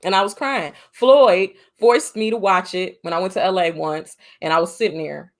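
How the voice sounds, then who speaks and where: A woman co-hosting a casual movie podcast, telling animated stories with frequent laughs and lots of fillers. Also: fairly low pitch, normal speed. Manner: animated storyteller, laughs often, many "you know" fillers. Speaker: podcast co-host. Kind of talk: casual chat.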